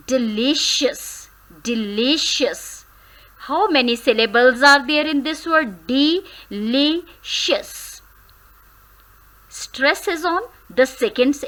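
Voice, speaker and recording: A woman teaches a grammar lesson, sounding words out carefully syllable by syllable. Her voice is bright and a little high, and she speaks at an unhurried, deliberate pace. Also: rough recording. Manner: slow, careful syllable-by-syllable drilling; switches briefly into Hindi.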